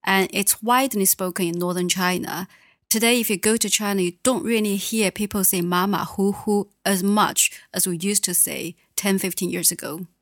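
A woman's voice: medium pitch, fairly even intonation, normal speed, no echo, clean studio sound. A woman teaching on a podcast language lesson, patiently modelling sounds and explaining them.

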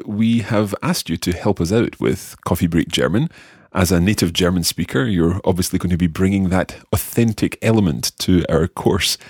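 A man hosting a podcast language lesson, carefully and slowly repeating phrases after his co-host. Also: low voice, a little mellow, husky, no room sound, clean studio sound. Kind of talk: friendly scripted lesson banter.

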